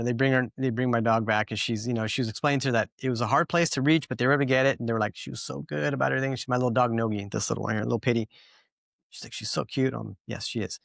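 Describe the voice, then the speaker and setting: Male podcast host, casual and rambling, animated when telling stories, dry sound. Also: mid-range voice, creaky, dry recording. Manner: rambling, filler-heavy, animated storytelling.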